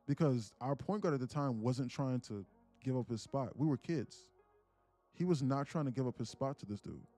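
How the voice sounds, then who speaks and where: A young man tells a story in a loose, profane, animated way. His voice sits at a middle pitch. Soft music plays faintly behind him. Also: moderate pace. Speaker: day-trading livestream host. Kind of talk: casual storytelling.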